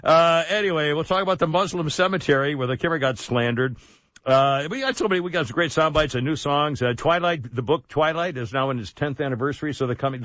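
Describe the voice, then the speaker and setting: A man's voice: medium pitch, fairly bright tone, dry recording. A man hosting a radio talk show in a casual chat style, rambling and self-mocking, on a studio microphone.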